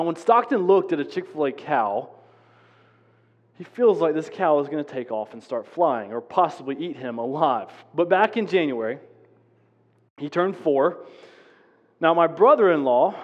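A man, a pastor preaching a sermon in a conversational, storytelling way with casual fillers. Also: fairly high pitch. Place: church sanctuary. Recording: dull sound with long church reverb.

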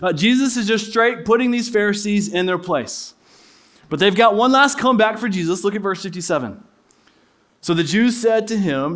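A man's voice: high-pitched, animated, moderate pace, fairly bright tone. A young adult man preaching a sermon as pastor, earnest and direct, with playful asides.

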